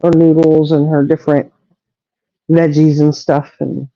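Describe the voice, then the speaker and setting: A woman's voice: sits low, level tone, a little slow, dark tone, no room sound, highs cut off. A middle-aged woman chatting casually as a livestream co-host, rambling and trailing off as she talks. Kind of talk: casual chat.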